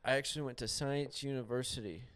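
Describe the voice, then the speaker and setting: A man co-hosting a comedy podcast, talking in a deadpan, rambling way about absurd made-up boasts. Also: medium pitch, fast talker. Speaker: podcast co-host. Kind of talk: deadpan satirical comedy chat.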